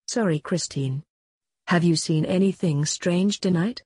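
A woman reading a story aloud, voicing a stern grown man who is a secret agent and a father, in a husky, matter-of-fact way. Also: on the low side, unhurried, a little mellow, no room sound, clean studio sound.

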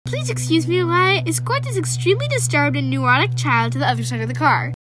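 Girl doing bossy great aunt, loud and brisk, high voice. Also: natural voice.

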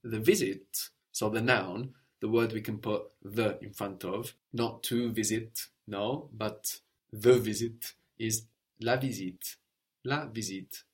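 A man's voice: lowish voice, steady tone, takes it slowly. Patient male language teacher. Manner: patient, explanatory, prompts the learner with questions. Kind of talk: spoken language lesson.

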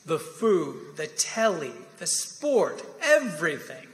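A man's voice: a little high, big pitch swings, slow, heavily acted. A man reading the part of an eager young army lieutenant who keeps pleading with his superior in a staged play reading. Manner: wheedling, persistent, keeps saying sir. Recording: echoey reverberant hall.

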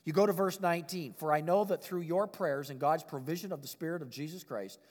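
High-voiced preacher in a reverberant hall. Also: male voice, brisk, hardly any pauses. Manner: expressive preaching, reads scripture, chuckles at his own points. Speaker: pastor. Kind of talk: sermon.

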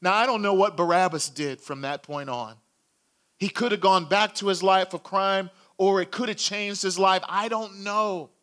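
A man preaching a sermon in a bright, forceful voice. He tells the story dramatically, acting out the shouts of a crowd and then sinking to a hush. His voice sits high for a man. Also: normal speed.

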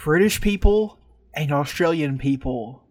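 A man's voice: a little high, lively intonation, measured pace, darkish tone. A man co-hosting a podcast, talking in brash, teasing banter and swearing freely. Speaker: podcast co-host. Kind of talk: casual profane banter.

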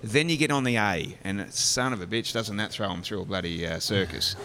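A man's voice: fairly low pitch, a little fast. A man with an Australian accent, a brewery guest, telling stories in casual chat. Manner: animated storyteller, acts out phone exchanges.

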